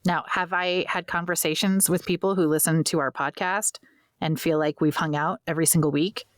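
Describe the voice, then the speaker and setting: An American woman co-hosting a podcast, relaxed and chatty. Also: lowish voice, brisk, no room sound, clean studio sound. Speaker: podcast co-host. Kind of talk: casual chat.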